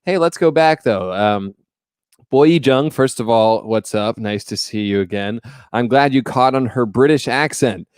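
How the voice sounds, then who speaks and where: A man's voice: medium pitch, measured pace, darkish tone, clear, resonant tone, no echo, studio quality. A man hosting a casual livestream, chatty and joking as he greets viewers by name. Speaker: livestream host.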